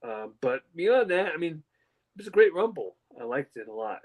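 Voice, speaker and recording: A young man co-hosting a casual wrestling podcast, an animated storyteller who slips into mocking fake-crying voices. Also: fairly high pitch, normal speed. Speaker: podcast co-host.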